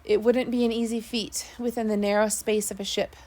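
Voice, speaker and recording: A woman narrating a first-person sea story, steady with small slips. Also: on the high side, fairly quick. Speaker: audiobook narrator.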